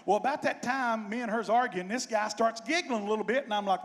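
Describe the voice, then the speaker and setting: A man speaks as a bandleader on a festival stage, folksy and joking. His voice sits fairly high. The stage microphone carries it into a long, ringing reverb. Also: a little fast, hardly any pauses. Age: 50s. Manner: folksy, joking, warm-hearted. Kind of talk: stage banter and storytelling.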